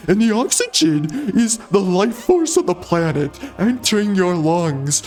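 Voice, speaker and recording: A man's voice: high voice, darkish tone, full character voice. A man mocking a smug male lecturing game character. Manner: slow, drawn-out, patronizing.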